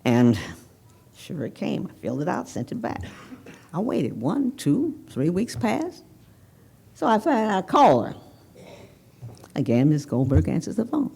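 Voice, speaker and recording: An older woman from Evanston, Illinois, giving a commencement speech, telling a personal story in a candid, animated way. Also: lowish voice, measured pace, vocal fry, pauses often, slightly rough. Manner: candid, animated storyteller, talks straight to the audience. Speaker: commencement speaker. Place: banquet hall ceremony.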